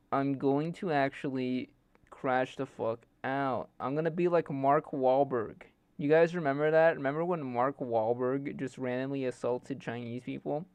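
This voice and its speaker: A man's voice: medium pitch, a little mellow, smooth, dry recording, muffled recording. A young man streaming live, ranting in an exasperated, joking way and swearing heavily while his setup fails. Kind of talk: casual live-stream rant.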